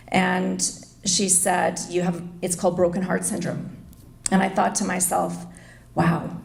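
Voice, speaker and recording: Gravelly-voiced woman telling her story. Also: fairly low pitch, darkish tone. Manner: earnest, confessional storytelling. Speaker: speaker at an inspirational event. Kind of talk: personal story speech. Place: hotel event room. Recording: echoey room.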